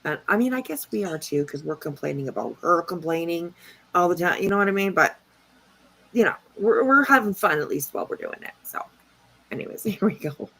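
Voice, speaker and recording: A woman's voice: fairly low pitch, sing-song, brisk, vocal fry, fairly bright tone, slightly rough, rough recording. A woman hosting a commentary channel, reacting to clips with sarcastic, profane scolding.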